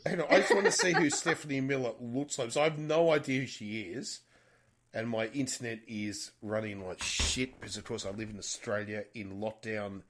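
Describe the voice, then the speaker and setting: A man's voice: medium pitch, fairly even intonation, moderate pace, a bit bright, a little hiss or hum. A man co-hosting a podcast in casual chat, stammering and swearing as he interrupts. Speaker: podcast co-host.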